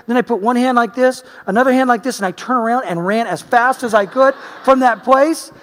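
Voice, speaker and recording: Male preacher, high-pitched, lively storyteller who shifts from loud to hushed; large echoing hall. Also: brisk. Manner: animated storyteller, swinging between loud emphasis and quiet asides. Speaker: pastor. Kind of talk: sermon with personal storytelling. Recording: long reverb of a large hall.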